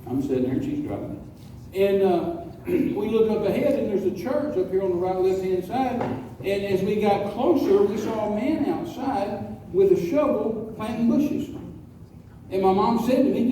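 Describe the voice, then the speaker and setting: A man preaching a folksy storytelling sermon, slowing down to stress key words. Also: high-pitched, lively intonation, warm tone. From West Texas. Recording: echoey hall, distant mic, faint noise.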